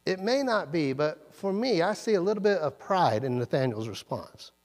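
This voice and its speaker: A man preaches a sermon in a church, his fairly high voice trailing off in a long reverb. He talks in a conversational way and acts out the lines he quotes with sudden leaps in pitch. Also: sing-song, normal speed. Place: church sanctuary.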